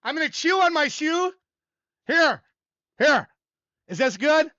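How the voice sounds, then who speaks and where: An older man hosts a live music-review stream, talking in a rambling, self-deprecating way and laughing often. His voice is bright and animated, swinging widely in pitch. The sound is dry and a little dull. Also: slow, no echo. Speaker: livestream host reviewing music submissions. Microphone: desk microphone.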